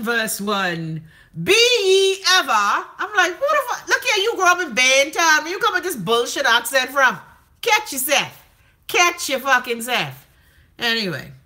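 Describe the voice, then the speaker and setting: A woman's voice: on the high side, sharp tone. A woman with a Bahamian accent, hosting a casual live stream, reading viewer comments and giving blunt, profane commentary.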